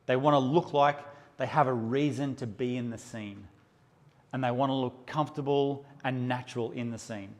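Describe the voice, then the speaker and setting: A man's voice: mid-range voice, steady tone, normal speed. A man teaching a live workshop session, brash and joking and swearing freely as he addresses the audience. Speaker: photography workshop presenter.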